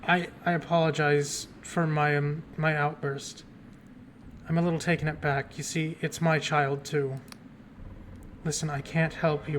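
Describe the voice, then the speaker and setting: A man's voice: fairly high pitch, a little hiss or hum, lightly acted. A man reading game dialogue aloud as a fussy, guarded older woman librarian who calls people dearie. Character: prim, jumpy older woman librarian hiding secrets. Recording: game music playing behind.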